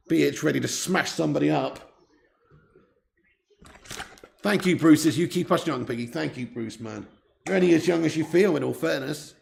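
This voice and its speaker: Gravelly, swearing football streamer. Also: male voice, a little high, brisk, a little mellow, slight background noise. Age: 30s. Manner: chatty, swears freely, reads out viewer comments. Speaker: watch-along host. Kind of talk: live football watch-along commentary.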